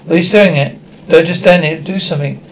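Heard first is a bossy, commanding young woman of a horror tale, cruel and quick to bark orders, as a man reads her part in his own fairly high voice. She demands rather than asks, in the plain manner of a script read aloud. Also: slight background noise, close to an everyday voice, low-quality recording. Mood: demanding.

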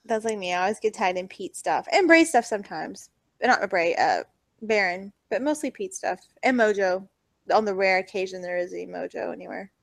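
A woman co-hosting a casual chat, giggly and quick to gush with affection. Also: medium pitch, lively intonation, creaky, no room sound. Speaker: podcast co-host.

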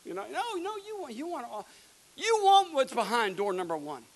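A man preaching a sermon as pastor, folksy and energetic, with bursts of loud shouting. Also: very high-pitched, normal speed, rough recording.

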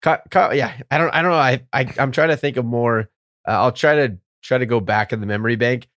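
A man guesting on a podcast, telling casual stories and often stopping to search his memory. He sounds halting, with frequent restarts. His mid-pitched voice is recorded dry and close. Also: fairly bright tone, no echo. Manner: hesitant, halting, many restarts. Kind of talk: casual storytelling.

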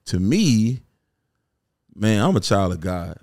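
A middle-aged rapper and producer from Memphis, Southern accent intact, guests on a casual interview and rambles with frequent "you know what I'm saying." His voice is on the low side and a little mellow, very animated, and he takes it slowly.

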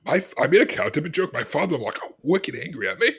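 A man's voice: fairly high pitch, animated, fast, fairly bright tone, slightly rough, no echo. A man telling a funny story on a casual podcast, laughing often as he talks. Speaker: podcast co-host.

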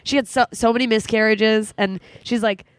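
A woman's voice: fairly high pitch, fairly even intonation, normal speed, dry recording. A young woman hosting a podcast, talking candidly and emotionally, swearing a lot and laughing often. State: tearful. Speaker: podcast host. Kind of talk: casual podcast chat. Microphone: studio microphone.

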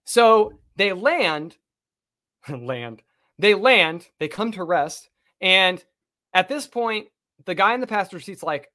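A man telling a story in casual chat, animated, swearing freely and acting out what people said. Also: sits high, takes it slowly, long pauses. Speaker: podcast guest telling a story.

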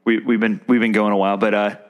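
A man hosting a podcast in casual chat, relaxed and quick to laugh. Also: on the low side.

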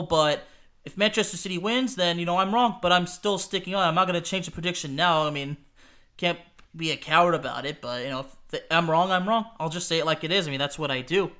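A man's voice: fairly high pitch, sharp tone. A man co-hosting a casual football prediction chat, hesitant and repeating words, laughing often. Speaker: podcast co-host.

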